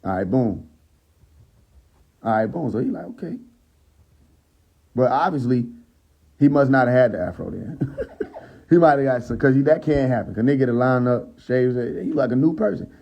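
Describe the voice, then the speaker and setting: A man's voice: mid-range voice, lively intonation, normal speed, creaky, long pauses, muffled recording. A man on a phone live stream, retelling a scripture story in casual, profane street talk and checking in with his viewers. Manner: retells the story with acted quotes and laughs at his own jokes. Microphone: phone mic on a social live stream.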